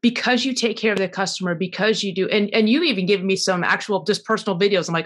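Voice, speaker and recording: A man's voice: sits high, fast, hardly any pauses, a bit bright. A man hosting the show, chatting casually and enthusiastically with his guest. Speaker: show host. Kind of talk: casual interview chat.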